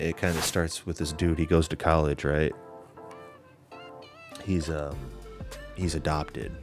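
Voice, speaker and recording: A man with an extremely deep voice hosts a casual podcast chat. He tells a story in a loose, meandering way, full of "like" and "um" and frequent swearing. Faint music sits underneath his voice. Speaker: podcast host.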